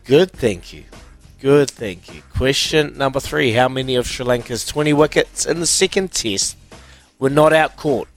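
A man with a New Zealand accent hosting a breakfast radio quiz, bantering quickly and cheekily with callers. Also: medium pitch, lively intonation, faint music behind. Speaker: radio quizmaster.

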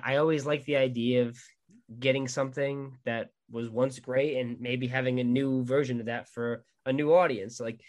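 A man co-hosting a casual movie talk, swearing freely and acting out people's reactions. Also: medium pitch. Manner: animated, profane, acts out quoted reactions.

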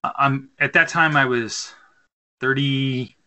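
A man's voice: medium pitch, fairly even intonation, slow, sharp tone. A man in his thirties co-hosting a casual podcast chat, telling long rambling stories with lots of fillers and restarts. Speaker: podcast co-host. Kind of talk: casual chat over beer.

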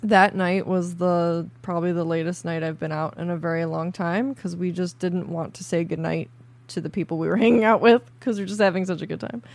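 A young woman co-hosting a podcast, chatting casually, bubbly and quick to laugh. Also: on the low side, steady tone, gravelly, darkish tone. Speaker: podcast co-host. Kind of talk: casual chat.

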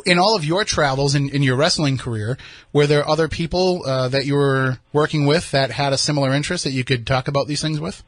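Relaxed man hosting a podcast. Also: a little high, fairly quick, no echo. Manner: relaxed, with frequent "uh" fillers. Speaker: podcast host. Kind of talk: casual podcast interview.

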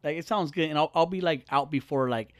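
A man's voice: on the high side, brisk, dry recording. A young man hosting a podcast, chatting casually, joking and swearing freely in a small studio. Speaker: podcast host.

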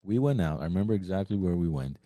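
Deep, lively married man giving advice. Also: fast talker, dry recording. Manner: laughing, earnest advice-giver. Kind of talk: casual podcast chat.

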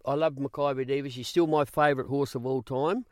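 A man's voice: medium pitch, brisk, no room sound, studio quality. An older Australian man, a former racing reporter, telling stories as a guest and acting out the dialogue he quotes. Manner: animated yarn-spinning, acts out quoted dialogue. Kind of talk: storytelling interview.

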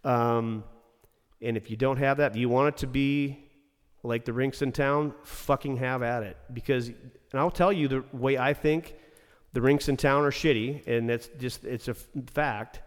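A man's voice: mid-range voice, fairly even intonation, a little slow, clean tone, long reverb tail. A man, a former ice rink manager, talking bluntly and with plenty of swearing in a casual podcast chat. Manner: blunt, profane, ranting.

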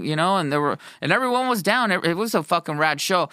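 Bright, crisp-voiced man telling a story. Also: high voice, very fast, few pauses, dry recording, clean studio sound. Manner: profane, rambling, animated retelling. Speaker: musician guest. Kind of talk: casual storytelling chat.

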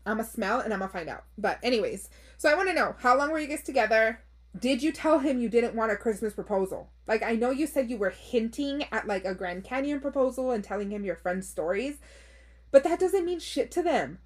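Her voice is on the high side, animated and brisk. She's a podcast host in her thirties who reads out listener stories in a casual, blunt way, cursing freely and tossing in Spanish phrases.

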